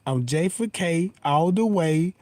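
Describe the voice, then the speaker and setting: A high-voiced man rants on his livestream with wildly swinging pitch. He rambles, curses freely and keeps asking if you know what he's talking about. The sound is dry and close. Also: takes it slowly, no room sound. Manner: heated and animated. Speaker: livestream host. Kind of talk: casual livestream rant.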